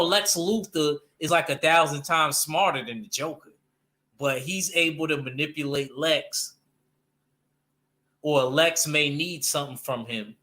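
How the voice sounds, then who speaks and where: A man's voice: on the high side, bright, forceful tone. A man chatting casually and animatedly about comics, using loose slang and restarting his sentences often. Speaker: panel guest discussing comics. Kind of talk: casual chat.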